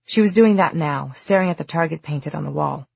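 An audiobook narrator reading a novel in steady, even storytelling. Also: mid-range voice, a little fast, gravelly, breathy edge, no echo, muffled recording. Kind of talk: scripted narration.

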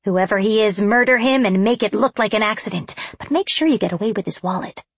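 A woman's voice: mid-range voice, brisk, slightly rough, no room sound. A woman voicing a cheeky young female roommate who teases in a playful, mock-grand way. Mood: teasing.

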